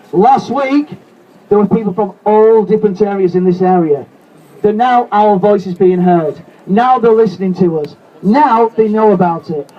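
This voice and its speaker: A man's voice: high-pitched, highs cut off. A man from Lancashire, giving an impassioned anti-fracking speech at an outdoor protest and repeating rallying cries. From Lancashire, England. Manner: repetitive rallying cries, shouting to the crowd. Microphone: camera held in the crowd, away from the speaker. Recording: distant outdoor recording with crowd noise.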